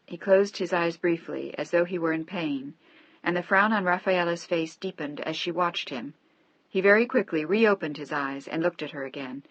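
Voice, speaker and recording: A woman narrating a romance novel in a measured, steady audiobook reading. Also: on the low side, dry recording. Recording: dry, slightly dull audio.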